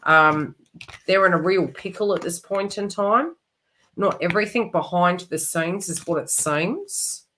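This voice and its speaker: Low-voiced woman giving a psychic reading. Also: expressive, unhurried, a bit bright, a little hiss or hum. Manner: rambling and emotive, many fillers and restarts. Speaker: psychic tarot reader. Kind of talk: live online psychic reading.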